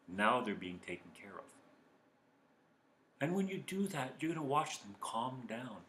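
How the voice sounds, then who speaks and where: A man giving calm, earnest self-help advice as a coach speaking to viewers. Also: mid-range voice, normal speed, a little hiss or hum. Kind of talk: motivational talk to viewers. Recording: echoey room.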